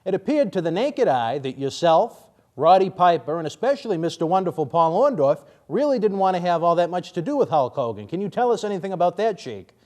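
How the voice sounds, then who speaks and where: A man's voice: sits high, sing-song, brisk, darkish tone. A man hosting a radio interview who delivers recaps dramatically, building up to his questions.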